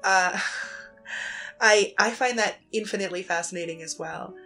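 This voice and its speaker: A woman's voice: medium pitch, moderate pace, pushed and bright, faint music behind. Chatty Canadian woman podcaster. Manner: chatty, many fillers and restarts, laughs often. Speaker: podcast host. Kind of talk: casual conversation.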